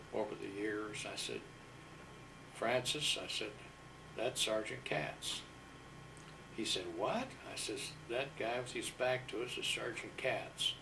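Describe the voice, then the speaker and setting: An older man from Iowa, a war veteran, unhurriedly recounting his service with fillers and pauses. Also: lowish voice, vocal fry, distant mic, noisy background. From Iowa, USA. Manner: unhurried, humble storyteller with fillers. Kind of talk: storytelling interview.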